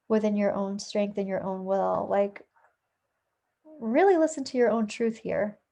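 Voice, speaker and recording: This tarot reader has a mellow, medium-pitched voice. Chatting casually through a reading in her home, a dog somewhere near, she reasons aloud and keeps correcting herself.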